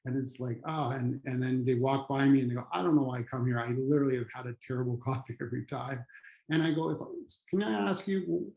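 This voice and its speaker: A mid-pitched man with a Canadian accent teaches a training session in a loose, conversational way, with plenty of restarts. He jumps up in pitch whenever he acts out what people say. The room around him rings with echo. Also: fairly even intonation, quick pace, gravelly, a little mellow. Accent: Canadian English. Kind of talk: online training lecture.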